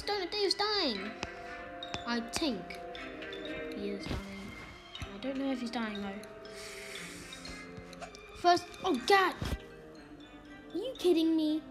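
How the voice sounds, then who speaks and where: Woman, casual gaming commentary, high voice, excitable, complaining, jokey, loud game music behind. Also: low-quality recording. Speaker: gamer, video host. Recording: game music playing loudly underneath.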